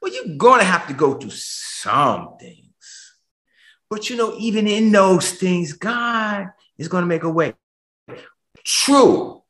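A male pastor preaching over a video call in a slow, deliberate sermon that swings from loud, shouted questions to hushed, emotional lows. His voice is fairly high for a man and very lively in pitch. The room around him rings with echo. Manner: emotional, rising to shouts and dropping low.

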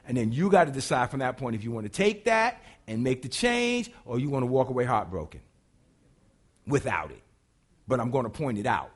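A man's voice: medium pitch, big pitch swings, a little fast, husky. A man preaching a sermon, colloquial and humorous, acting out quotes and asides as he teaches. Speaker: pastor.

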